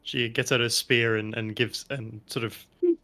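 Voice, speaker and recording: A man's voice: mid-range voice, steady tone, normal speed, pushed and bright. A man playing a tabletop game, chatting in an easygoing, hesitant way. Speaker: player. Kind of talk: casual chat, tabletop game.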